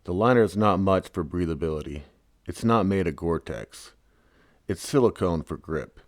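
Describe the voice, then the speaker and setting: Man, very low voice, dry close sound, wry casual memoir reading. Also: animated, normal speed, no room sound. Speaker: narrator.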